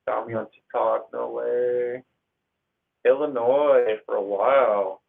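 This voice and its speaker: A young man from Northern California hosts a casual livestream, reading viewer comments aloud in an upbeat, slangy style. His mid-range voice is steady and slow with vocal fry, and the audio sounds tinny, like a phone.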